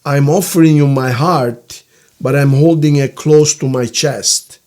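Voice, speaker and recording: A man giving a casual tarot reading, rambling and halting, now and then voicing quoted feelings in a hushed, soft tone. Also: medium pitch. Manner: rambling, halting, searches for words. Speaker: tarot reader.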